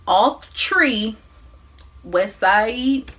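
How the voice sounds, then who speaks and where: A woman vlogger casually recapping a movie, with animated, slangy, profane storytelling. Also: a little high, extremely slow. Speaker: mukbang vlogger.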